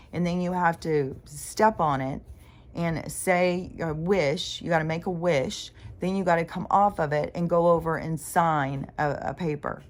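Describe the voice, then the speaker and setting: Low-voiced woman rambling profanely. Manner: meandering, profane, full of fillers and restarts. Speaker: spiritual vlogger. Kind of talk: rambling casual monologue.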